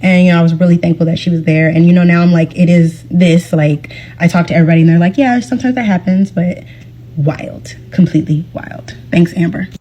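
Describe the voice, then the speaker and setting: A woman's voice: fairly low pitch, flat delivery, brisk, warm tone. A woman casually telling her own accident story in a chatty way, full of fillers and quoted speech. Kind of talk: casual first-person storytelling.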